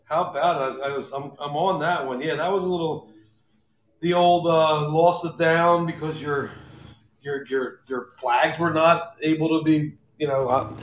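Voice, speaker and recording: A man's voice: fairly high pitch, normal speed, rough recording. Laid-back man talking coaching plays. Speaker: podcast co-host and youth coach. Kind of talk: casual podcast chat.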